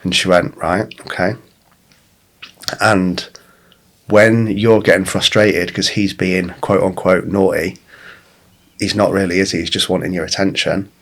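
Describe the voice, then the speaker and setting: A man's voice: low voice, little pitch movement, unhurried, gravelly, pauses often, a bit bright. A man in his forties, a guest on a podcast, telling personal stories in a candid, casual way with plenty of swearing and restarts. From England. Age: 40s. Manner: candid, swears freely, many restarts and fillers. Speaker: podcast guest, life coach. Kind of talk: casual conversational storytelling.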